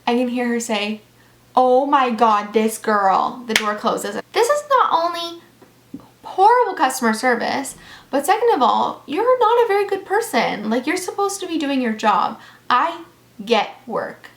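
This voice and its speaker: Sassy young woman ranting, echoey room. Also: a little high. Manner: sassy, exasperated, heavy use of "like". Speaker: vlogger. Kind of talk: casual storytime rant.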